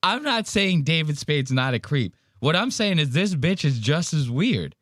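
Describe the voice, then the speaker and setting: A man's voice: on the high side, sing-song, moderate pace, a bit bright, no room sound, studio quality. A man hosting a podcast, reacting to clips in a casual, profane, wry way. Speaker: podcast host.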